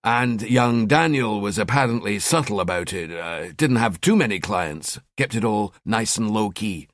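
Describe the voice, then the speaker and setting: A man's voice: on the low side, animated, moderate pace, no echo, clean studio sound, close to an everyday voice. A man voicing a cheeky, sardonic male police detective in an audiobook. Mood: wry. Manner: wry, chatty.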